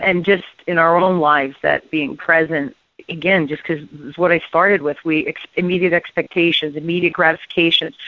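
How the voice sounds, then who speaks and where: Her voice sits low as she hosts a radio interview, telling stories with upbeat enthusiasm and talking casually with her guest. The recording is dry and carries a thin, telephone-like quality.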